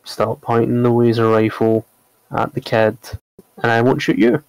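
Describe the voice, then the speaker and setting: A man's voice: mid-range voice, little pitch movement, moderate pace, clear, resonant tone, dry recording, close to an everyday voice, rough recording. A man voicing a brash, bossy female pirate pony with a pushy, mocking manner. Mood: threatening.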